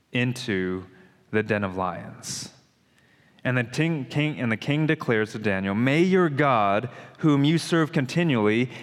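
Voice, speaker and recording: Casual, emphatic male preacher, mid-pitched voice, long reverb of a hall. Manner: conversational, emphatic, addresses listeners as guys. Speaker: pastor. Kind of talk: expository sermon.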